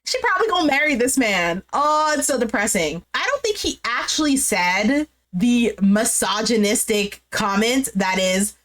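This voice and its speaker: A recap vlogger with a slightly high, bright, animated voice talks at a moderate pace as she casually goes over a reality show. She's chatty and slangy, dropping "bro" and "like" constantly, and sounds exasperated and emphatic throughout.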